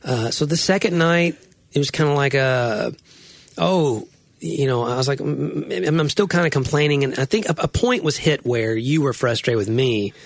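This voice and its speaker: A man's voice: medium pitch, expressive, normal speed, vocal fry, no echo. A man co-hosting a casual chat with his wife, self-deprecating and laughing often. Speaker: podcast co-host.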